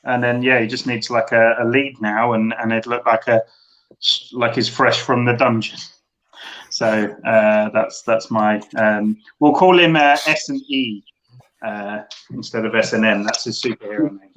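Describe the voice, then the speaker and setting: A man's voice: medium pitch, fairly even intonation, normal speed, fairly bright tone, poor audio. A man chatting as a guest on a casual group call, rambling through his explanation with lots of fillers and cheeky jokes.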